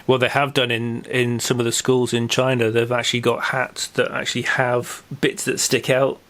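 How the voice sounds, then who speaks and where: A man's voice: medium pitch, little pitch movement, moderate pace, fairly bright tone. A man hosting a local podcast in casual chat, rambling with many fillers and restarts. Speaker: podcast host.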